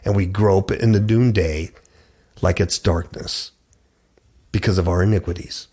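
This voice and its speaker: A man's voice: sits low, steady tone, a little slow, darkish tone. A middle-aged man hosting a radio show, preaching and reading scripture aloud. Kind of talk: preaching bible commentary.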